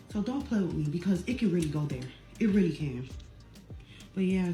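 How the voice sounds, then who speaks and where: Young woman, casual profane storyteller, mid pitch; roomy recording, faint music underneath. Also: a little mellow. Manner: blunt, profane, emphatic storytelling.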